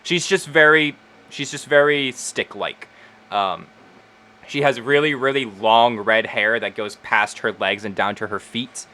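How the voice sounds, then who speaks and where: A man's voice: mid-range voice, a little slow, sharp tone. A man narrating as game master in a tabletop role-play, casual and loose with many fillers. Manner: casual, with many ums and likes.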